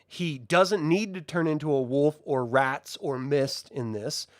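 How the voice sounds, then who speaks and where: Animated, passionate male film reviewer. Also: fairly high pitch, no room sound, studio quality. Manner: animated and passionate, with frequent fillers. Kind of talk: casual spoken film review answering viewer questions.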